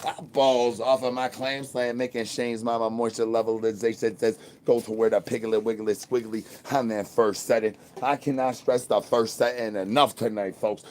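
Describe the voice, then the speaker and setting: A man hosting a phone livestream in a crude, slang-heavy ramble, repeating rhyming catchphrases and swinging between loud bursts and low mutters. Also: flat delivery, normal speed, hardly any pauses, slight background noise. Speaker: livestream host. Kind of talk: rambling live stream chat.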